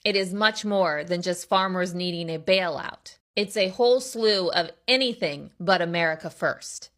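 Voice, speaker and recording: Bright-voiced woman explaining politics. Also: lowish voice, moderate pace. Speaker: political commentator. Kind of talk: explainer video commentary.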